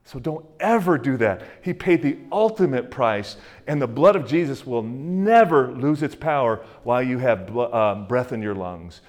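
A male pastor giving a conversational sermon with plenty of fillers and acted-out quotes, then dropping to a hushed voice to pray. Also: mid-range voice, animated, moderate pace, hardly any pauses. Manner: drops to a hushed, soft voice in prayer.

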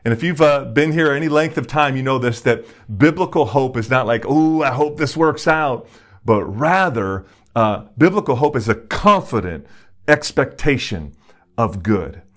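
A pastor preaching a sermon in a conversational storytelling way, with many fillers and restarts. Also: male voice, expressive, normal speed. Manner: acts out quoted voices in a raised pitch.

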